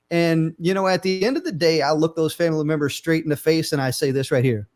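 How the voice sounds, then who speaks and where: A man hosting a live online panel chat, animated and acting out quoted family members. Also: on the high side, quick pace, few pauses. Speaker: host of a live panel stream.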